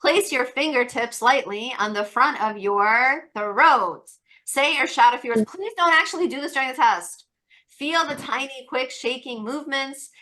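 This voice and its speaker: A woman tutor leading an online test-prep webinar, coaxing students with encouraging, repetitive questions and quick asides. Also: high voice, sharp tone. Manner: rapid asides, many fillers.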